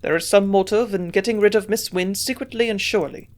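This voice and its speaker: A woman voicing a shrewd old German male scientist who grunts out blunt remarks in a put-on German accent, louder than her narration. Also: mid-range voice, fairly quick, natural voice. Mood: gruff.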